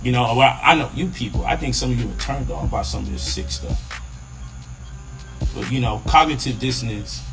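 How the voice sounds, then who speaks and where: A man's voice: medium pitch, lively intonation, normal speed, gravelly, faint music behind, rough recording. A man giving emphatic, lecturing commentary on a live online show.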